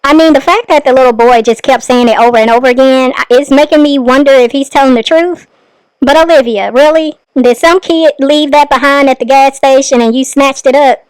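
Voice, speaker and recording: A woman's voice: high-pitched, brisk, no room sound, poor audio. A woman hosting a reaction channel, giving blunt casual commentary and questioning the person in the clip. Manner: blunt, questioning, talks straight to viewers.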